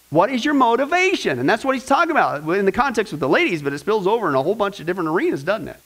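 A man preaching a church teaching sermon as pastor, lively and full of joking asides to the congregation. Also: sits high, quick pace, breathy edge, low-quality recording.

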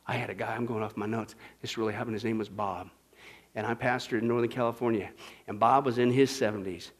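A male pastor preaching a sermon, swinging between loud, emphatic passages and hushed whispers. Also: medium pitch, fast. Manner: dramatic swings from shouting to whispering.

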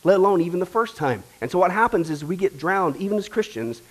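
A pastor preaches a sermon to his church in a loose, joking way. His voice sits very high for a man. He speaks folksy and chatty, calling his listeners folks. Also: very animated, quick pace. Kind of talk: sermon with a joke.

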